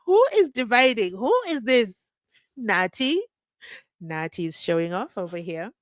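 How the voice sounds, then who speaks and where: A woman's voice: mid-range voice, unhurried, no room sound. A woman hosts a casual true crime live stream, reading out viewer comments and reacting with frequent laughter and mock disbelief. Her mid-range voice sounds close and dry, with no room around it. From South Africa. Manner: animated, laughs often, mock-incredulous questions. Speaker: true crime channel host.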